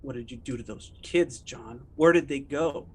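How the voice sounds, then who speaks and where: Man as a weary male interrogator; firm, quiet, insistent. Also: medium pitch, normal speed, breathy edge, lightly acted. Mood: exasperated. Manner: pressing, insistent questioning. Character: frustrated male police investigator pressing for a confession. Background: background music.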